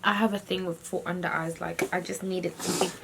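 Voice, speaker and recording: A woman in her twenties, chatting softly as she narrates her makeup steps at home. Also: on the low side, little pitch movement, quick pace, gravelly. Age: 20s. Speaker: vlogger. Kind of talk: casual chat. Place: at home, getting ready. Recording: noisy home video recording.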